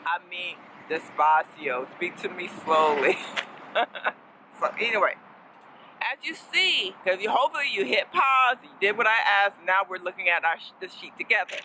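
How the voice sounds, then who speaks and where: A woman's voice: on the low side, big pitch swings, normal speed, pushed and bright, a little hiss or hum, rough recording. A woman casually teaching a lesson as a fellow learner, chatty and playful, laughing often and slipping in Spanish words.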